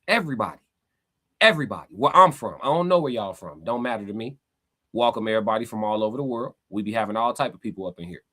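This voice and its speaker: A man hosting a casual livestream, reading chat comments aloud and pushing back in emphatic, slangy, animated talk. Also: mid-range voice. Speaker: podcast host reading live chat.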